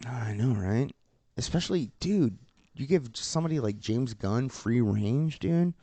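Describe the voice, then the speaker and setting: A man co-hosting a casual pop-culture podcast, swearing freely and laughing as he excitedly retells scenes. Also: medium pitch, unhurried, no room sound. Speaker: podcast co-host.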